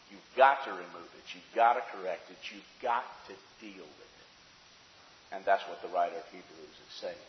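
A man preaching a sermon, rising to shouted emphasis and dropping to quiet, slow confession. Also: medium pitch, a little hiss or hum. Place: church sanctuary. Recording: echoey hall, dull sound.

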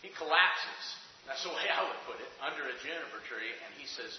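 A man preaching a sermon in a church, swinging between loud, dramatic outbursts and hushed, quiet passages. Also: mid-range voice, lively intonation, fairly quick, slight background noise. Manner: dramatic, rising to near shouts and dropping to hushed tones. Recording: echoey hall, muffled sound.

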